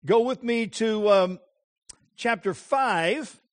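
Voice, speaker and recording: A male preacher giving an impassioned sermon, with emphatic phrasing and dramatic pauses. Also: sits high.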